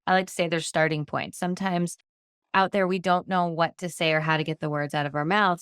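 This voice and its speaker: A woman's voice: lowish voice, a bit bright, smooth, no echo, studio quality. A woman hosting a podcast, teaching customer service in a conversational monologue and demonstrating tone with everyday examples.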